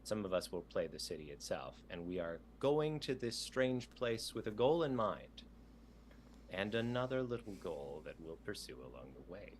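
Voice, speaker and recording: A man's voice: low voice, sing-song, moderate pace, a little hiss or hum. A man running a tabletop game over a video call, reading prompts aloud in an easygoing way. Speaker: game master.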